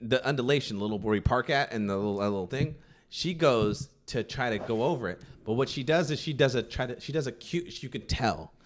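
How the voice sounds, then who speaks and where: A man's voice: mid-range voice, lively intonation, brisk, slight background noise. A man in casual chat, telling a rambling, profane story with lots of restarts.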